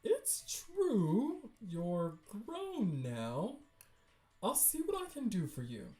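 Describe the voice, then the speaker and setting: A woman voicing a kindly, gently worried older mother with a Derry accent, speaking softly and affectionately. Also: mid-range voice, wildly swooping pitch, very slow, soft background music, heavily acted. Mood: concerned. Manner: soft, affectionate, calls others dearie.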